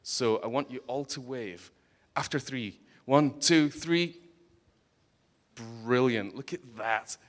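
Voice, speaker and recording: On a conference hall stage, a Scottish man gives a humorous talk, joking and bluntly teasing the audience. His medium-pitched voice moves a little slowly with few pauses.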